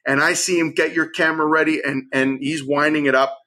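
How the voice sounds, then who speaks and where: A middle-aged man, a chef and angler, telling a story with energy and acting out what people said in lively bursts. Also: fairly high pitch, fairly quick. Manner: acts out quotes in lively bursts. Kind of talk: animated storytelling.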